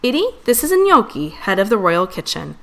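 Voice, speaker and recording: A woman voicing a cheerful, energetic puppy prince in a children's story. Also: mid-range voice, moderate pace, gravelly. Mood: excited. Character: cheerful puppy prince, boy, bouncy and friendly.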